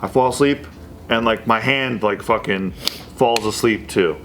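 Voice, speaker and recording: A man's voice: mid-range voice, measured pace, noisy background. A man in his thirties, a podcast co-host telling a long personal story in casual chat, swearing freely and acting out the voices of the people in it. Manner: profane, animated storyteller acting out quotes.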